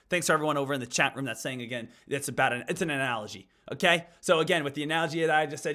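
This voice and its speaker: High, bright-voiced trading streamer man. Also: very fast, few pauses. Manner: energetic, talks straight to viewers as "guys". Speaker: live stock trading streamer. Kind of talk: live trading stream commentary.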